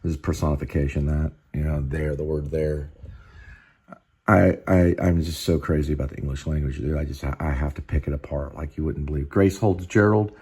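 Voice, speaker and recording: A man's voice: very deep voice, steady tone, a little fast, dark tone, husky. A man reading his own screenplay aloud, stopping often to explain and think aloud.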